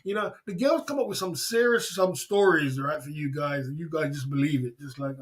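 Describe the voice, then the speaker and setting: A man's voice: a little high, a little fast, few pauses. A man hosting a livestream, rambling and teasing viewers with chuckles in casual banter. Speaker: livestream host.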